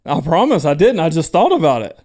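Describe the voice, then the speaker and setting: A man co-hosting a casual podcast, easygoing and quick to laugh along with his partner. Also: a little high, very animated, a little mellow. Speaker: podcast co-host.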